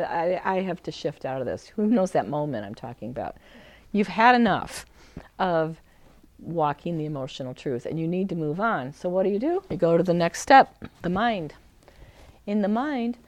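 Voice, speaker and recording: A middle-aged woman teaching an emotional healing practice in a gentle, earnest way, acting out feelings in short quoted lines. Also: fairly low pitch, dry recording. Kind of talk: reflective teaching talk.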